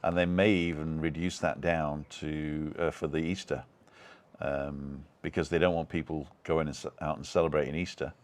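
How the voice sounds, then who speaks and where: Very deep-voiced British man chatting live. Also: flat delivery, moderate pace. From United Kingdom. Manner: rambling, chatty, with many fillers and restarts. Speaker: live stream host. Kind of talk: casual live-stream chat reading comments.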